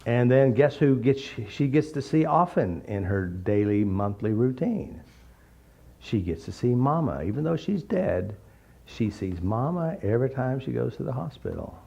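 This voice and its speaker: A man giving an informal, blunt teaching talk full of jokes and animated stories. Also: medium pitch, a little slow, creaky, husky. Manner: blunt, joking, animated storytelling. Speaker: therapy method teacher. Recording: slightly dull recording.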